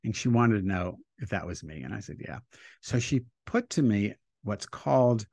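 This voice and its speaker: A man, a rabbi, telling a story in a relaxed interview, animated and acting out the quotes he tells. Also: lowish voice, normal speed, dry recording.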